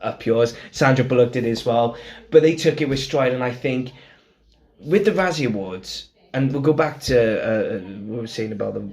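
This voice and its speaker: A man's voice: medium pitch, moderate pace, a little mellow. A man with a Welsh accent hosting a casual podcast chat, rambling and emphatic, swearing now and then. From Wales. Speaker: podcast host.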